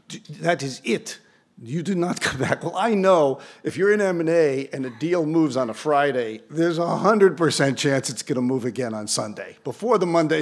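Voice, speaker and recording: A man in his sixties is speaking to an audience in an event hall, telling a story from the podium. His delivery is lively and conversational, and he breaks off for dry, self-deprecating asides. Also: medium pitch. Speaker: award ceremony speaker. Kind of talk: anecdotal speech to an audience.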